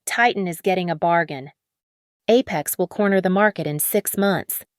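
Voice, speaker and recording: A woman's voice: lowish voice, moderate pace, clean tone, no room sound, studio quality, close to an everyday voice. A woman voicing a drunk, furious tycoon husband who snaps and roars. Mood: boastful. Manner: shouting, snapping, roaring.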